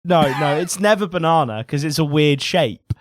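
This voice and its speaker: A man's voice: on the high side, moderate pace, no room sound, studio quality. A British man in his thirties co-hosting a comic book podcast, telling jokey stories in casual chat. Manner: animated, jokey storytelling. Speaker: podcast co-host.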